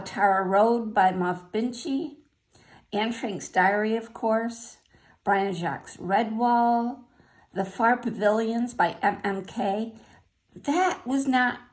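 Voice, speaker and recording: An older woman chats through her favorite books in a slow, easygoing way. She pauses on "uh" and "um" between titles and adds small personal asides. Her voice sits at an ordinary middle pitch. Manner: unhurried, listing titles with fillers and asides. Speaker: vlogger sharing favorite books. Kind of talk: casual spoken list.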